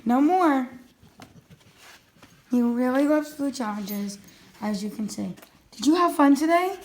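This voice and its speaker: A woman's voice: high voice, expressive, measured pace, a little mellow. A woman filming her dog at home, narrating casually and coaxing him with eager, encouraging talk. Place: at home, indoors.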